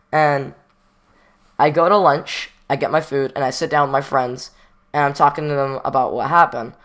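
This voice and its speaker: This guy's storytime wanders loosely, packed with slang and jokes at his own expense, and he acts out whatever he quotes. His voice is a little high with a fairly bright tone.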